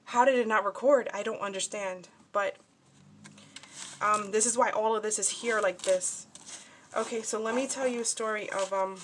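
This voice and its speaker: Lady crafter chatting on camera, mid-pitched voice, rambly with lots of ums, faint clicks behind her. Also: fairly even intonation, moderate pace, fairly bright tone, a little hiss or hum. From New Jersey, USA. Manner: chatty, scattered, many fillers and restarts. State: upset and shaken. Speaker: crafting vlogger. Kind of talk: casual crafting show-and-tell.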